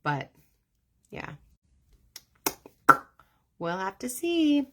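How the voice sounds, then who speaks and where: A woman vlogger chatting casually with her viewers, animated and quick to swear and laugh. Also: high voice, soft background music. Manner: animated, profane, laughing easily.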